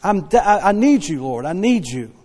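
A desperate father begs again and again for someone to come and heal his little son, as a preacher acts him out. The voice sits high and strains with urgency. A long hall echo trails each plea. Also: very animated, moderate pace, darkish tone, slightly rough, heavily acted. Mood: desperate pleading. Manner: pleading, repeated cries for help.

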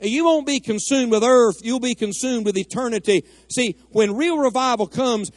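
Fervent high-voiced preacher. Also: male voice, darkish tone, dry recording. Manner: fervent, emphatic, rising to cries of prayer. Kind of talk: sermon. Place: church sanctuary.

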